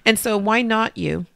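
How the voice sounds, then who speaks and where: A middle-aged woman shares a heartfelt story in an interview, her voice carrying a gravelly edge. She acts out old conversations with feeling, in a dry, close recording. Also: on the low side, a bit bright, dry recording. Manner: emotional storytelling, acting out dialogue. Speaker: interview guest. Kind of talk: personal faith story in conversation.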